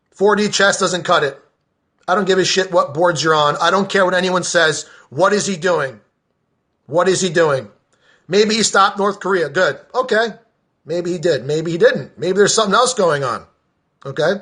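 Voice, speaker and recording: A man podcaster giving a heated, profane political rant straight to camera, openly shouting. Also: sits high.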